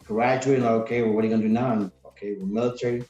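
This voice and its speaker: A man's voice: mid-range voice, fairly even intonation, rapid-fire, dark tone, soft background music. A man about forty, a retired Marine guest on a podcast, telling stories in a rambling, casual way full of restarts. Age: 40s. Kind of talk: casual interview chat. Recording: roomy, dull sound.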